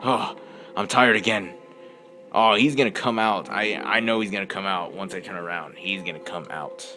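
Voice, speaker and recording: A man's voice: low-pitched, moderate pace, bright, forceful tone, soft background music. A young man commentating on a horror game he is playing, yelping at scares and muttering to himself in between. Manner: jumpy, yelps and screams at scares, mutters to himself. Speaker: gameplay commentator.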